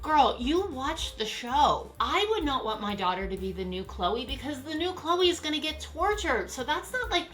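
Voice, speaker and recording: A middle-aged woman chatting casually as she reacts to old clips, sassy and quick to laugh. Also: high-pitched, animated, a bit bright. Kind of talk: casual chat.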